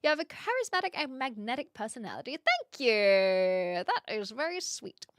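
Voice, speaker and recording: A woman's voice: fairly high pitch, very animated, normal speed, a bit bright, a little hiss or hum. A woman from New Zealand with a British accent and a slight Australian twang, chatting casually as a streamer, reading viewer messages aloud and laughing often.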